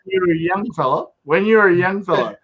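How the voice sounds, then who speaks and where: A man's voice: sits high, animated, breathy edge, dull audio. Blunt man in a stream chat. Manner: blunt, swears, talks in halting bursts. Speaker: live stream panelist. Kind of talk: casual chat on a live stream.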